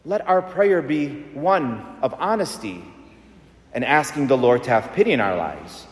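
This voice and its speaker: In a large church, a male pastor preaches an emphatic, repetitive sermon and leads the congregation in call-and-response. His mid-range voice is animated and unhurried, and the hall sounds echoey.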